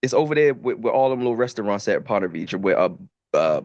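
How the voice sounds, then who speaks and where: Profane, animated man telling stories. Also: on the low side, quick pace, dry recording, dull audio. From Baltimore, USA. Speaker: podcast co-host. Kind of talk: casual storytelling.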